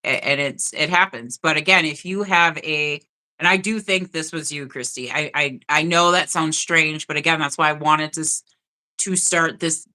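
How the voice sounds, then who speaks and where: A woman's voice: sits low, moderate pace, sharp tone. A woman hosting a spiritual live stream, talking earnestly and directly to her viewers in casual chat.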